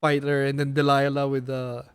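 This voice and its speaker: A man's voice: mid-range voice, monotone, moderate pace, clean tone. A man co-hosting a podcast, talking with enthusiasm in casual chat and stumbling over words. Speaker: podcast co-host. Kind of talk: casual chat reviewing shows.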